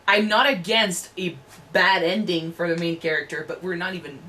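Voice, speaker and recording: A woman hosting an anime reaction chat, animated, swearing freely and restarting her sentences. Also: on the low side, moderate pace, slight background noise, low-quality recording.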